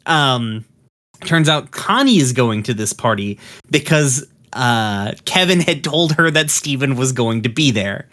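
A man's voice: medium pitch, lively intonation, unhurried, a bit bright. Rambling man with lots of ums. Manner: rambling, full of ums and uhs, profane. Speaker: episode recapper. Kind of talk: casual recap of a cartoon episode.

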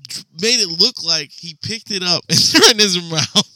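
Bright, profane man telling a story. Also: high voice, normal speed, no echo. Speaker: podcast co-host. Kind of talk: casual storytelling chat.

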